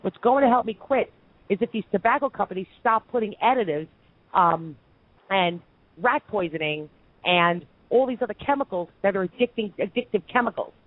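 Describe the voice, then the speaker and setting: A woman's voice: medium pitch, expressive, moderate pace, husky, no room sound, narrow, tinny audio. A woman from Brooklyn hosting a call-in radio show, ranting with heated opinions. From Brooklyn, New York.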